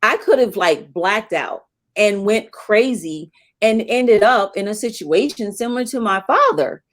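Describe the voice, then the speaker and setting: A woman's voice: mid-range voice, lively intonation, unhurried. A middle-aged woman telling a candid personal story as an interview guest, with many fillers.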